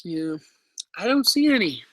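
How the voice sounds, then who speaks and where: Chill canadian-raised guy streaming from his laptop, bright voice, dry close sound, reads chat and jokes. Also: sits high, big pitch swings, a little slow, no room sound. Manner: laid-back, reads chat aloud, jokes and swears. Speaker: live stream host. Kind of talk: casual live stream Q&A. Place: home room with pet enclosures. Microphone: laptop microphone.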